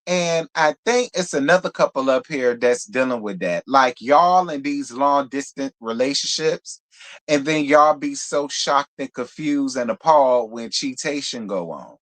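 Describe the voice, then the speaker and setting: A man hosting a live reality TV review in casual commentary, sassy and blunt, with profane, animated asides. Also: medium pitch, a little slow.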